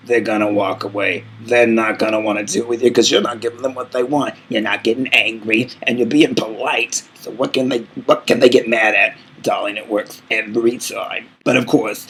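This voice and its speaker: A man plays a grand, aging female singing diva in a comedy vlog, boasting and purring "darling" at everyone. The voice sits on the low side with a bright, forceful edge and plenty of gravelly fry. Her manner is theatrical and full of herself. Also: slight background noise, rough recording. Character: vain aging female diva singer, grandly self-adoring. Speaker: channel host answering fan questions.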